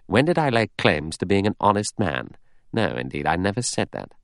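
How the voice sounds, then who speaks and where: A man voicing a cool, sardonic adventurer in an audiobook, brisk with sharp retorts. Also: low-pitched, sing-song, no room sound, studio quality, exaggerated voice.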